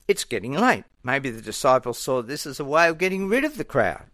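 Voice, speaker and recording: A man preaching a sermon in a measured, earnest way, now and then acting out the voices of the people in his story. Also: mid-range voice, big pitch swings, a bit bright, no echo.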